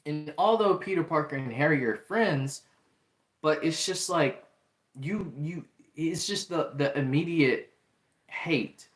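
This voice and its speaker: A man reviewing a show in casual talk, chatty, with many fillers and restarts. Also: medium pitch. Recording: roomy echo.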